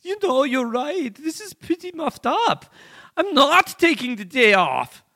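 Man doing a high, smug German tycoon voice with a comic accent. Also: sing-song, a little slow, bright, forceful tone, full character voice. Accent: put-on German accent. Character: man, put-on German file-sharing mogul, high and smug.

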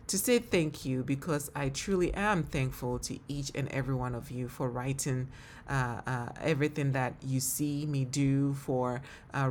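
Low-voiced Ghanaian woman, earnest. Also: darkish tone, slight background noise. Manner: earnest and heartfelt, laughs often. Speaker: podcast host and ministry leader. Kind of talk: reflective faith-based solo podcast talk.

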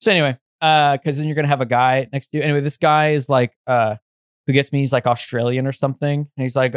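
A man's voice: mid-range voice, level tone, quick pace, clean tone, no echo, studio quality. A young man in casual chat, telling a long story that rambles with fillers and restarts.

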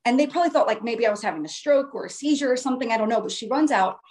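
A woman's voice: on the high side, lively intonation, rapid-fire, a little mellow. A woman telling her own story in a casual, earnest way, often restarting her phrases for emphasis. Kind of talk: casual first-person storytelling.

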